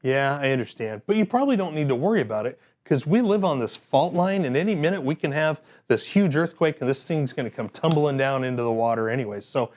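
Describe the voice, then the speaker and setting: A man's voice: medium pitch, expressive, fast talker, hardly any pauses, darkish tone, natural voice. Upbeat chatty neighbor guy, as the trainer puts him on, offhand and cheerful. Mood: breezy. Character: chatty adult male neighbor, upbeat and tactless.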